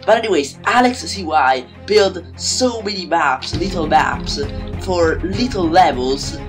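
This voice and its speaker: A man chats his way through a game map tour in a loose, rambling, excitable way. His voice carries the roughness of someone a little sick and just out of bed. Music plays clearly under him. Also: high voice, takes it slowly. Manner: rambling, excitable, self-deprecating. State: slightly sick, just woke up. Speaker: Minecraft map-making YouTuber. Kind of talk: casual gameplay commentary.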